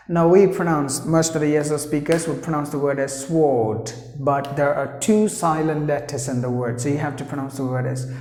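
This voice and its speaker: A man with an Indian English accent teaches pronunciation, slow and deliberate, saying each example word twice. His voice rings in an echoey room with a long reverb tail. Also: a little high, darkish tone. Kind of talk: explaining pronunciation to learners.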